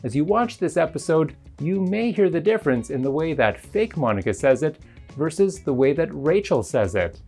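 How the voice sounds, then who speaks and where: Lively, steady voice narrating an English lesson. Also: mid-range voice, normal speed, faint music behind. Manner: even, explanatory reading. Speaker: English teacher.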